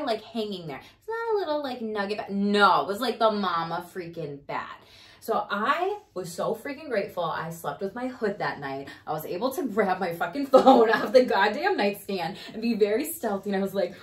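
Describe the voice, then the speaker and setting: A woman in her thirties telling a story in casual chat, animated, swearing freely and laughing as she goes. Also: medium pitch. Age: 30s. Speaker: podcast host. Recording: roomy, distant mic.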